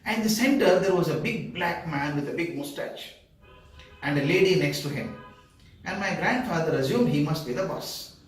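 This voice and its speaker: An older man with an Indian English accent tells a personal story, his voice a little raised and lively. He sounds far from the mic, in a very echoey room. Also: on the high side, normal speed. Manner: lively, acts out quoted voices.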